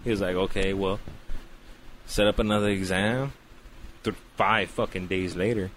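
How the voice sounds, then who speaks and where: A man's voice: deep voice, normal speed, slight background noise. A man telling a long comic story in casual, profane slang, acting out the voices in it. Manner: animated, profane, acts out voices in his story. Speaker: podcast host telling a story.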